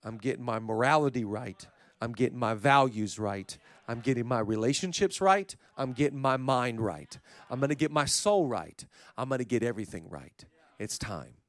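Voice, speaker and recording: A man preaching a sermon as pastor, swinging from soft, close passages to loud, emphatic calls. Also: medium pitch, expressive, moderate pace, no echo. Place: church stage.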